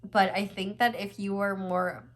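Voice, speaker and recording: A young woman gives a casual, reassuring tarot reading, talking earnestly with many fillers while her nose is stuffed up and she is close to tears. Her mid-range voice is flat and unhurried.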